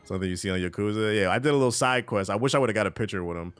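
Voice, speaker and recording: A man's voice: lowish voice, very fast, clear, resonant tone. A man streaming a game, chatting casually and profanely with his chat while he plays. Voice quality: profane, loose and animated.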